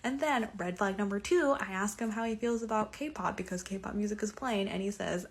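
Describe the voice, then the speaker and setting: A woman's voice: mid-range voice, fairly quick, few pauses. A young woman telling a cringe date story in an exasperated, mocking way. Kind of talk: storytime clip.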